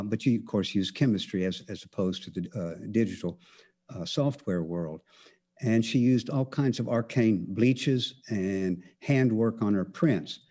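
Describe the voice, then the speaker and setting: A man with a Texas accent, a photography teacher giving a conference talk, speaking haltingly with many fillers and restarts. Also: on the low side, dark tone. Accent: Texan.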